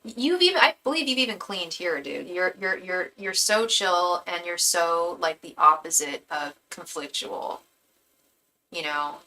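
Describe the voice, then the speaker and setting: A woman's voice: lowish voice, expressive, measured pace, sharp tone, poor audio. A young woman reading tarot on a live stream, talking casually with slang and rattling off repeated invocations to her spirit guides. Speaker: tarot reader and psychic medium.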